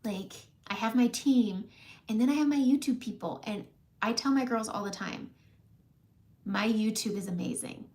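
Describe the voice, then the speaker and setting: A woman makeup vlogger talking casually and warmly to her viewers, emotional and close to tears at times, often laughing. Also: fairly high pitch, normal speed. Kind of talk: casual heartfelt talk to camera.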